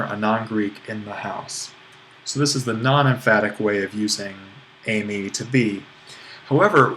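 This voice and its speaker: A man at a middle pitch walks through a recorded Greek grammar lesson. He explains in a relaxed way, laughing a little and correcting himself as he goes. A faint noise sits behind his voice. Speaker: Greek language teacher.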